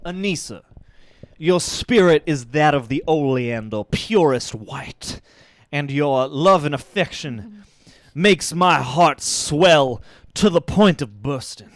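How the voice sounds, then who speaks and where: A man voicing a courtly Southern gentleman with a Southern accent, speaking in flowery, over-sweet phrases. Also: on the high side, lively intonation, slow, no echo. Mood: swooning. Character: florid Southern gentleman, male adult, courtly.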